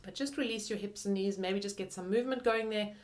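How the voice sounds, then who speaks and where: A young adult woman gives a flute lesson in a friendly, chatty voice. She talks loosely, with "like" and "kind of" scattered through her explanations. Her pitch sits in the middle range. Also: fast talker. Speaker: flute teacher. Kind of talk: video lesson.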